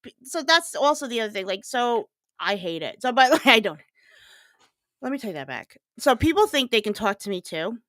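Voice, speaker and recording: A woman's voice: on the high side, very animated, normal speed, fairly bright tone, no echo, studio quality. A woman talking bluntly and emphatically as a guest on a casual livestream chat, swearing freely and rambling with restarts.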